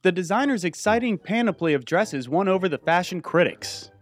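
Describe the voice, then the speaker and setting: A man's voice: high voice, lively intonation, a little fast, faint music behind. A man co-hosting a morning radio show, running a word game in a teasing, matter-of-fact way. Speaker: radio co-host.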